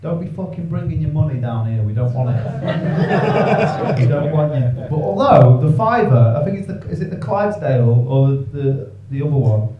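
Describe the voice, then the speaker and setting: A man's voice: fairly high pitch, lively intonation, moderate pace, recorded from a distance, lo-fi sound, heavy background noise. A man doing stand-up crowd work, bantering cheekily and swearing with the audience on a comedy club stage. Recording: echoey club, mic heard from afar.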